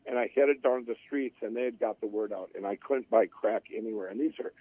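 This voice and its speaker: Over tinny phone-line audio that is otherwise dry, an interview guest, a middle-aged man, recounts his life in a rambling way. He keeps restarting and acts out other people's words, speaking at a quick pace in a lowish voice.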